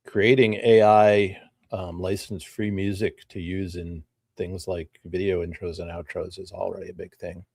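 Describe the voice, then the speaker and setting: A man co-hosting a podcast in relaxed casual chat, with dry humor and short replies of agreement. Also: deep voice, normal speed, vocal fry, slightly rough, dry recording. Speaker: podcast co-host.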